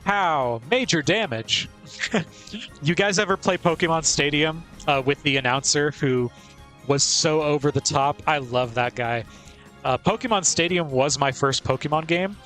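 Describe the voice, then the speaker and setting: A man gives casual gameplay commentary in a slightly high voice, playful and talkative. He laughs easily between thoughts, and faint game music plays underneath. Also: measured pace, fairly bright tone. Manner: chatty and playful, laughs often. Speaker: streamer.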